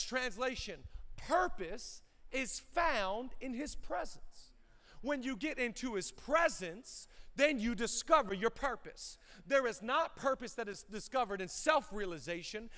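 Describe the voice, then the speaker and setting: A male pastor preaching a sermon, swinging between loud bursts and quick, low asides. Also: in a large hall. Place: church auditorium.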